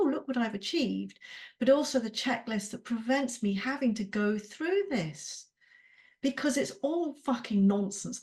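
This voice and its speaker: A woman's voice: fairly high pitch, a little mellow. A woman on a podcast, talking candidly and emotionally, swearing freely and laughing often. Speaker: podcast co-host, coaching client. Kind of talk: candid conversational podcast chat.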